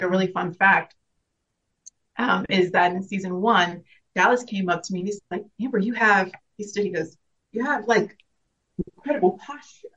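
A woman's voice: lowish voice, fairly bright tone, dull audio. A young adult woman, an actress guest, talking casually and earnestly in an interview, reflective, with frequent restarts and laughs.

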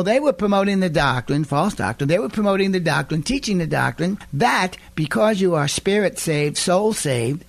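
Emphatic man preacher with a slightly high voice for a radio sermon. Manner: emphatic, building to loud indignant rises.

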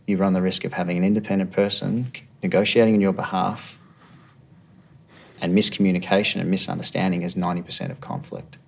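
An Australian man, a police negotiator, calmly reflecting on his work in a documentary interview. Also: sits low, gravelly, breathy edge.

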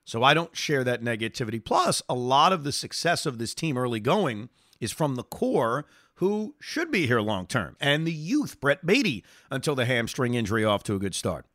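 A man's voice: medium pitch, big pitch swings, normal speed, a bit bright, dry recording, clean studio sound. A man hosting sports talk radio, reading listener email and answering in an emphatic way that repeats phrases for effect.

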